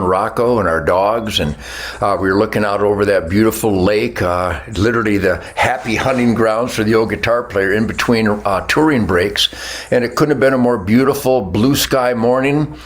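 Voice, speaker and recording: A man's voice: lowish voice, low-quality recording. An older American man hosting a talk show, speaking with passion and stacking emphatic strings of words. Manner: impassioned, emphatic lists of words. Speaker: show host. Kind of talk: opinionated talk show chat.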